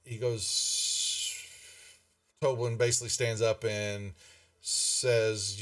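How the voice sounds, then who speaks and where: A man's voice: lowish voice, little pitch movement, drawn-out words, fairly bright tone, clean tone, far from the mic. A man narrating a tabletop game as game master in a rambling, filler-heavy way.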